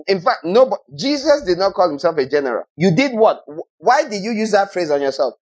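A man preaching a sermon in a rhetorical, mocking manner, swinging between loud and soft. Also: sits high, big pitch swings, a little fast, husky.

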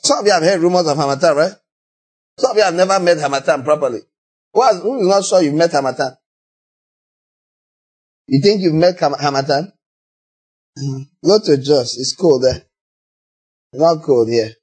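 A man with a Nigerian accent preaching a sermon, animated and acting out little scenes in other voices. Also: fairly high pitch, normal speed, pauses often, husky.

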